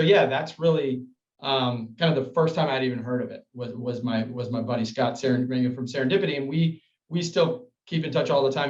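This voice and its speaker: A man's voice: mid-range voice, a little mellow, dull audio. Rambling man in an echoey room. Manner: rambling, lots of fillers like "like" and "um". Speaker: coworking space co-owner. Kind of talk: casual interview answers.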